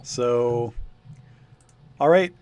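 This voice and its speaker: A man's voice: medium pitch, extremely slow, darkish tone, a little hiss or hum. A man running a tabletop game, talking casually with lots of hesitations and laughs. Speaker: game master.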